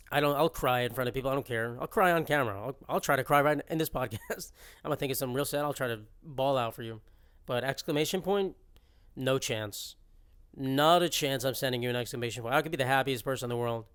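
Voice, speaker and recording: Young male podcast host, smooth clear voice, rambling jokey solo monologue. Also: mid-range voice, fairly quick, a bit bright. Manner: rambling, jokey, exaggerated rants.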